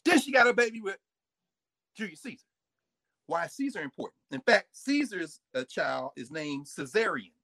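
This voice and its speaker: A man, a professor, talking in an energetic storytelling way and acting out little asides and voices. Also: high-pitched, normal speed, vocal fry, no echo. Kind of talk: animated lecture-style talk.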